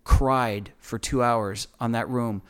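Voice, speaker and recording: A man's voice: medium pitch, fairly even intonation, takes it slowly, a bit bright, clear, resonant tone. A man, a guest on a talk show, passionately telling a testimony story, repeating words as he goes.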